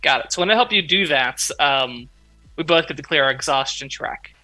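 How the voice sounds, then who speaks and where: Very bright-voiced upbeat male player. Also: on the high side, expressive, normal speed, soft background music, low-quality recording. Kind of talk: casual tabletop play.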